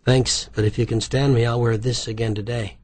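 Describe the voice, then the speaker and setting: A man's voice: medium pitch, flat delivery, brisk, darkish tone, lightly acted. A man voicing a witty, playful male writer who jokes wryly in an audiobook. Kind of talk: audiobook character voice.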